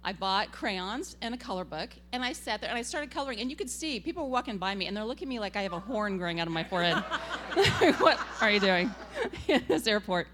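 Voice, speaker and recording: A woman giving a tribute speech at a gathering, telling animated stories and laughing often. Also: mid-range voice, fast talker, a little hiss or hum. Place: event gathering.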